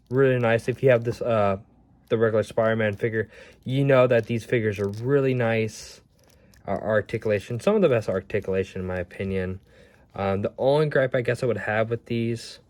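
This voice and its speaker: A man's voice: medium pitch, a little mellow. A man casually reviewing action figures, rambling and stumbling over his words as he shows them off at home. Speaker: toy reviewer.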